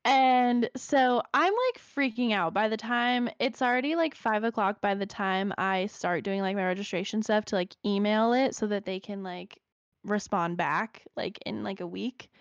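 A young woman in casual chat, telling an animated story full of "like" fillers. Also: medium pitch, normal speed, clear, resonant tone, no echo. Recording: slightly dull lo-fi dry sound.

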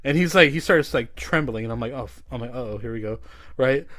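A man's voice: mid-range voice, fast, fairly bright tone, no echo, clean studio sound. A man hosting a podcast, telling a long story in casual chat, full of fillers and swearing. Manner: rambling, heavy on "like" and swearing. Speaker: podcast host.

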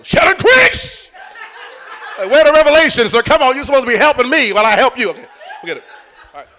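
A man's voice: very high voice, lively intonation, racing, sharp tone, slight background noise. A middle-aged man preaching a live sermon in church, joking with and coaxing the congregation.

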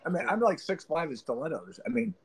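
A man's voice: fairly high pitch, very animated, quick pace, breathy edge. A man co-hosting a podcast, joking and telling stories in casual chat. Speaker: podcast co-host.

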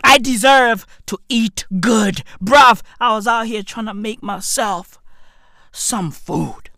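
A young man with a South African accent, delivering a profane comedic rant that swings into frequent shouting and laughter. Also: high voice, slow pace, vocal fry, no echo, studio quality. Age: young adult. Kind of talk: ranting comedic monologue.

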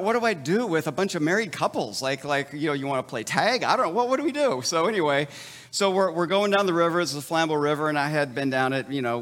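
Pastor, middle-aged male, fairly high voice, chatty sermon with restarts, church hall echo. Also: a bit bright. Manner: conversational, stammering restarts, chuckles at own stories.

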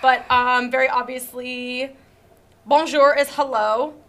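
Young Canadian woman, high bright voice, reads a goofy story and keeps cracking up. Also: level tone, takes it slowly. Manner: giggly, breaks into laughter while reading. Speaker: reader of a fan story. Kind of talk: casual dramatic reading with commentary.

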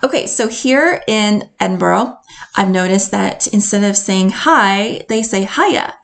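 An American woman from North Carolina, a confidence coach hosting her own solo podcast, speaks at a medium pitch with a measured pace and some vocal fry. Her delivery is animated, upbeat and enthusiastic, and she laughs often.

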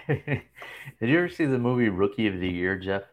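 A man's voice: on the low side, lively intonation, normal speed. A man in his thirties hosting a casual chat show from a hotel room, rambling and laughing often. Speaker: podcast host.

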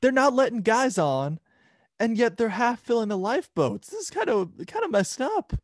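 A young man co-hosting a podcast, chatting casually, joking and jumping up in pitch when he exclaims. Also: moderate pace, dry recording, clean studio sound. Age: young adult. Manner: animated, joking, voice jumps high when exclaiming. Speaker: podcast co-host.

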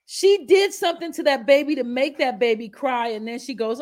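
A woman talks through reaction commentary in a somewhat high voice. She sounds outraged and emphatic and swears a lot. Her pitch swings widely as she stresses her words. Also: lively intonation, moderate pace, darkish tone.

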